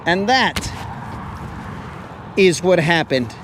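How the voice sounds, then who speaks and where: A man's voice: high voice, lively intonation, very slow, a bit bright, slight background noise. A man telling a funny story in a casual, self-mocking way, acting out the voices of the people in it. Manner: joking, self-mocking, acts out quoted voices. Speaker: podcast host. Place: outdoors, fishing from a kayak.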